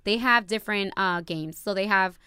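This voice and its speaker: A young woman co-hosting a casual livestream chat from a home studio, animated and slangy, laughing as she talks. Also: mid-range voice, moderate pace, clean tone, dry recording. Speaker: podcast co-host. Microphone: studio mic.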